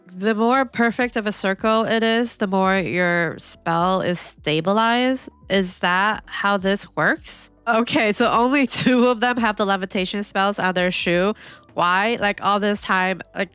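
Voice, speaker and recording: A woman talks her way through an anime episode in a loose, excitable reaction style, full of "like" fillers. Her voice is smooth and clear, recorded dry and close. Faint music plays underneath. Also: medium pitch, dry recording. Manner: chatty and excitable, lots of "like" fillers, gasps and laughs. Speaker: anime reaction channel host. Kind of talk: casual reaction commentary.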